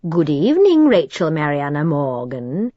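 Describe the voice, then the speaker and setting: A woman voicing an elegant, refined male demon who speaks with a clear, precise accent and a mocking purr. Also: sits low, very animated, normal speed, no room sound, highs cut off. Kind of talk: audiobook character voice.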